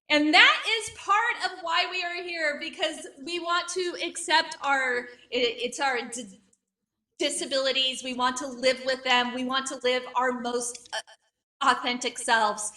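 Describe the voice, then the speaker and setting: A woman in her late thirties performs a stand-up comedy set with a stutter, repeating and blocking on sounds. Her delivery is wry and self-mocking. Her voice is high and bright, picked up from a distance. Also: measured pace.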